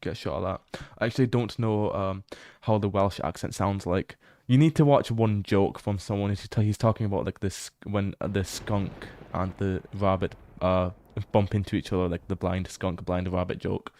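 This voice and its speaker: A man's voice: low voice, fairly even intonation, normal speed, few pauses, darkish tone, no room sound, clean studio sound. A man streaming a horror game, chatting casually as he explores, laughing often and swearing now and then. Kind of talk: casual livestream commentary while exploring a game.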